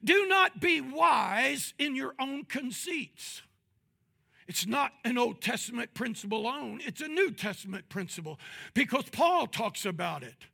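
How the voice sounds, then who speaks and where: A pastor delivering a sermon, moving between quiet, measured talk and loud, drawn-out shouts. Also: male voice, extremely high pitch, creaky. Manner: drawn-out, emphatic phrasing.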